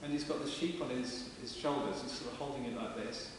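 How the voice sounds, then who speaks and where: Preacher echoing in a church. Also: male voice, mid-range voice, a little fast. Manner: conversational, plain-spoken preaching. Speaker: vicar. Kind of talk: sermon. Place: large stone parish church. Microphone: distant camera mic. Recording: echoey church from far off with hiss.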